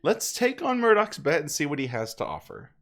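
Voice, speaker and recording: A man's voice: fairly high pitch, big pitch swings, a little fast, fairly bright tone. A man chatting casually as a co-player, rambling and hesitant with a wry sense of humor. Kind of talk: casual chat over a game.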